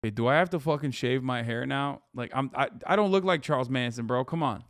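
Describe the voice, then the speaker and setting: A man streaming live, reacting to clips with profane, mocking, animated commentary. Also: mid-range voice, brisk, no room sound, studio quality. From United States.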